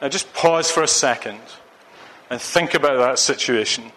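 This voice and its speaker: A man's voice: mid-range voice, moderate pace, sharp tone. A man from Scotland preaching a sermon, earnest and urging, repeating phrases for emphasis. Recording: long hall reverb.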